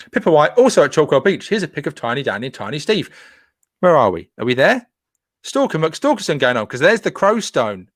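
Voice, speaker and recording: Reading out viewer comments on his casual live stream, this male host keeps things chatty and playful, cracking jokes with his audience. His voice sits fairly high, and the sound is clean studio audio without echo.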